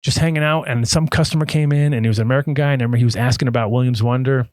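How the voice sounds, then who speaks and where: Male podcast guest, loose storyteller, cusses a lot, mid-pitched, close dry mic. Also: fairly even intonation, racing, darkish tone, dry recording. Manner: rambling, profane, acts out other people's lines. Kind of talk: casual storytelling.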